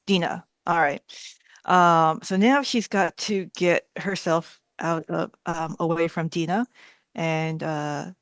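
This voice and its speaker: Smooth-voiced player laying out a plan. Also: medium pitch, steady tone, takes it slowly, a bit bright, dry recording. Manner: thinking aloud, laying out the plan. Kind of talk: tabletop role-play chat.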